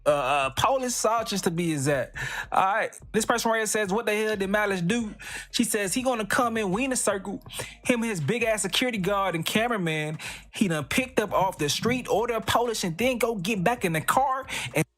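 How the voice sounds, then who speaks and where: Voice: medium pitch, expressive, a little fast, a bit bright. Laid-back commentator reading comments aloud. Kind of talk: casual commentary video.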